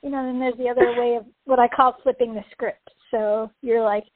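Husky woman on a thin call line. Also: a little high, fairly even intonation, fairly quick, no echo. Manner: chatty, laughs often, acts out little scenes. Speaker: guest, riding instructor. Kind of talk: casual interview talk. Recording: thin phone-like call audio.

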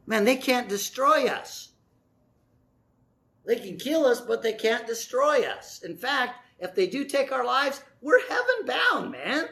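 Preacher guy w a high voice, goes loud then real quiet, dramatic. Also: big pitch swings, a little slow. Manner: emphatic, dramatic swings between loud and hushed. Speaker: pastor. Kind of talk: sermon.

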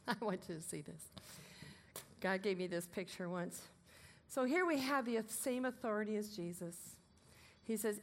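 Woman preacher, fired-up commanding sermon, big loud peaks then soft bits. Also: mid-range voice, unhurried, pauses often. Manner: emphatic and commanding, swings between loud declarations and soft asides.

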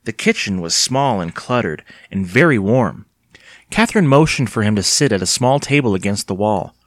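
A man narrating an audiobook in an expressive, dramatic storytelling manner. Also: lowish voice, normal speed, no echo, studio quality. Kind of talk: audiobook reading.

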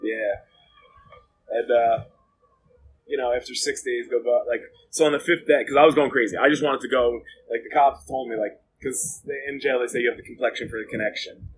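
A man's voice: medium pitch, steady tone, normal speed, a little hiss or hum, low-quality recording. A man being interviewed, telling his own story in a blunt, profane, rambling way with lots of filler words. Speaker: interview guest. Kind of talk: candid storytelling about jail and addiction.

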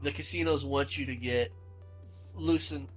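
A man's voice: mid-range voice, fairly even intonation, unhurried, soft background music. A man chatting casually and easily, with hesitant "uh" and "um" fillers. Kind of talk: casual chat.

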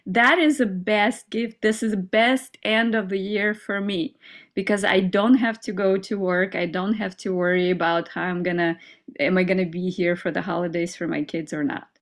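An earnest, upbeat woman talking openly as an interview guest. Her voice sits at a middle pitch, and she speaks in a casual, heartfelt way, with frequent fillers and easy laughter. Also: steady tone, normal speed. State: mother.

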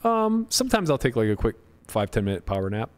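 Young man, casual profane banter, animated delivery. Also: mid-range voice, fast talker. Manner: swearing, teasing banter. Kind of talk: casual chat.

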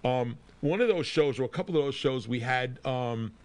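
A man's voice: medium pitch, lively intonation, normal speed, dry recording. A man who plays in a rock band, telling a rambling road story and laughing often in a casual podcast conversation.

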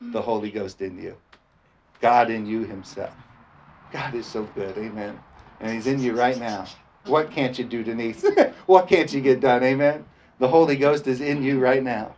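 A man's voice: mid-range voice, fairly even intonation, normal speed, darkish tone. Man preaching, asking "amen?" constantly. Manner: repeats "amen?" as call for response, laughs often. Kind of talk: sermon. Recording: dull lo-fi sound with faint noise.

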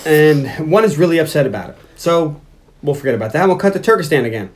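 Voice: medium pitch, expressive, fast, slight background noise. A podcast host recapping a movie in casual chat, joking while reading from their own notes. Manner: jokey, reads own notes aloud.

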